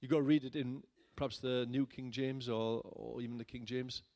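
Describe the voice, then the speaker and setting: Pastor telling a story from the pulpit. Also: male voice, medium pitch, steady tone, moderate pace. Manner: conversational storytelling, building to loud emphatic bursts. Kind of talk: sermon testimony.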